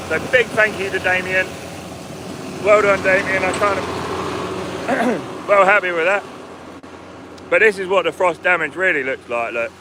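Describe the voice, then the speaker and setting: A man's voice: high-pitched, sharp tone. A man, a farmer, chatting casually on a live stream from his sprayer cab and greeting viewers by name. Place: sprayer cab on a farm field. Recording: mic at a distance, vehicle noise.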